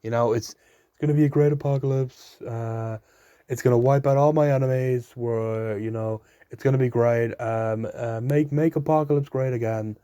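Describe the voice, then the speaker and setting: Brash boastful politician impression, by a man, mellow tone, dry sound. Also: mid-range voice, fairly even intonation, normal speed, smooth, no echo, lightly acted.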